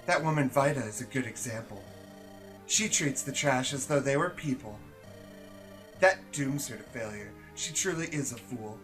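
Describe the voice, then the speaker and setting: A man's voice: medium pitch, moderate pace, a bit bright, soft background music, close to an everyday voice. A man voicing a haughty, cruel noblewoman in a game, with clipped, contemptuous delivery. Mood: scornful.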